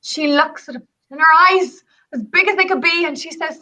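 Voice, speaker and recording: A woman with a Northern Irish accent, telling folk tales and talking travel as a radio show guest, lively and chatty. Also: sits high, moderate pace, poor audio. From Northern Ireland. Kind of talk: radio talk show storytelling and pitch.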